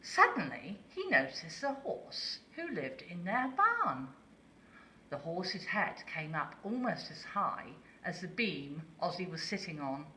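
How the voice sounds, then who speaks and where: A woman reading a children's story aloud slowly and expressively, asking listeners questions. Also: lowish voice, big pitch swings, bright, forceful tone, reverberant, slight background noise.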